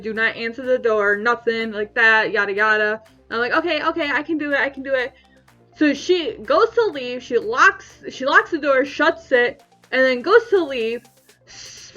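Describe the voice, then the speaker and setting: A young woman with a high, bright voice tells a personal story to camera, acting out the voices of the people in it. The audio is a little dull, with soft music playing underneath. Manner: animated retelling, acting out quoted voices. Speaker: vlogger.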